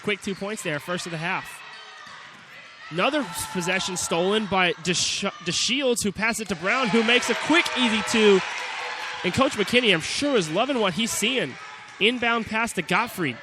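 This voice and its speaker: A young man calling a high school basketball game play-by-play in quick, clipped calls that burst into shouts on big plays. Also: background noise. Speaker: play-by-play announcer. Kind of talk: amateur basketball play-by-play commentary.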